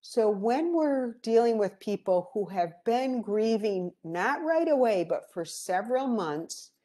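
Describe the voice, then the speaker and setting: Slow, gentle woman presenting. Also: on the high side. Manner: calm, gentle storytelling. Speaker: grief educator. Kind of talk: educational presentation.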